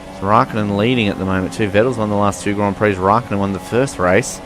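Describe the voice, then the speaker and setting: A man's voice: fairly low pitch, fairly even intonation, fast, music in the background. A young man giving rambling, self-mocking commentary while playing a racing game. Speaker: gaming commentator. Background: faint car engine noise.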